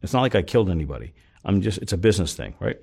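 Male interview guest, raspy low voice; intense storyteller who voices the other people in his tale. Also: sing-song, racing, a little mellow. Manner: retells scenes with quoted dialogue, swears freely; intense, emphatic when upset.

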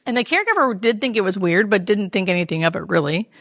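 Talking fast in a mid-range voice, a hospice nurse brings her interview stories to life by acting out what people said. The sound is clean studio audio with no echo.

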